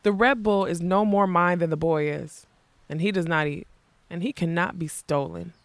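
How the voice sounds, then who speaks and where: A grim, bitter old king voiced by an audiobook reader speaks slowly and sternly, each line weighed out. The voice sits mid-range and only a little lower than the reader's own. It is recorded close and dry, with no room sound. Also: steady tone, gravelly, no echo, close to an everyday voice. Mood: stern, scornful. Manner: slow, stern, measured delivery. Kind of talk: audiobook character reading.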